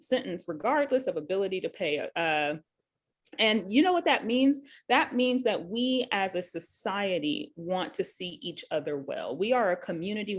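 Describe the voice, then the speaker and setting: A middle-aged woman nurse, explaining a health bill in a casual online office hours chat, chatty with lots of fillers. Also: mid-range voice. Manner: chatty, casual, with frequent fillers and little laughs. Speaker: nurse and co-host.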